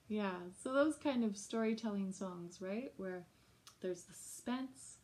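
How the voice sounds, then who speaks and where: A woman music teacher talks other teachers and parents through classroom ideas in an easy, unhurried way. Her voice is mellow and soft-edged, and she speaks slowly and gently. Her delivery is informal and chatty, like a friendly workshop. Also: medium pitch. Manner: gentle, chatty, breaks into short sung examples. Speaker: early childhood music educator.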